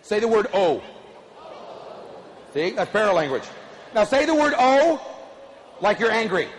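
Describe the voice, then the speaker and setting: Middle-aged man, keynote motivational speaker, lively bouncing delivery, faint hall ambience behind. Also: moderate pace, a little hiss or hum. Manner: high-energy, animated, audience call-and-response. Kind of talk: keynote speech to a live audience. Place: large conference hall.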